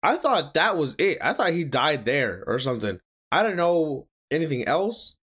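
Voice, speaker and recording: A young man hosting an anime reaction video, swearing and yelling at the screen as he watches. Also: fairly high pitch, normal speed, breathy edge. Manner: excitable, yells and swears at the screen. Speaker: anime reaction channel host. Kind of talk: reacting live to an anime episode.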